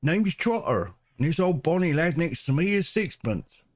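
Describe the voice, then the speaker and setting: A man's voice: a little high, very animated, normal speed, a little hiss or hum. A man putting on a chatty Geordie scrap merchant. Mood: folksy. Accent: Geordie (put on). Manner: folksy, rambling, read aloud from game text.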